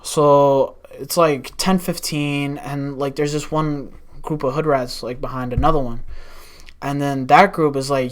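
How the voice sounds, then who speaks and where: A man's voice: mid-range voice, unhurried. A young man, a podcast guest telling wild work stories in casual chat, swearing often and acting out what people said. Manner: animated, swears a lot, acts out quotes. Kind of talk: casual storytelling.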